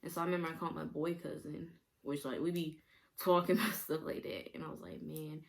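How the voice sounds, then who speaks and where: A woman's voice: deep voice, fairly even intonation, fast talker, vocal fry. A young woman vlogger rambling through a casual storytime, laughing often and using many fillers.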